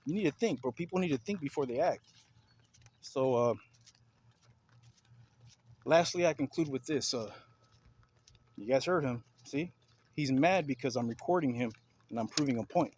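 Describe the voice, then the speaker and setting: A man's voice: mid-range voice, moderate pace, pauses often, a little mellow, slightly rough, poor audio. A man ranting heatedly to his viewers in a video commentary, repeating himself and confronting his listeners with questions. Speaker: vlogger.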